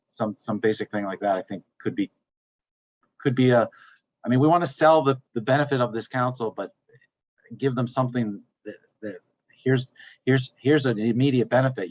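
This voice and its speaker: A man's voice: mid-range voice, a little mellow. A man on a council's video call, talking thoughtfully with frequent restarts. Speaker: council member. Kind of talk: casual virtual meeting talk. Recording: dull lo-fi video call audio.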